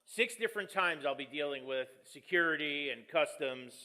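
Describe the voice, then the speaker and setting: Male pastor, fairly high and bright, easygoing sermon with self-mocking humor. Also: expressive, normal speed. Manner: joking, storytelling, self-deprecating. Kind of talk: conversational sermon.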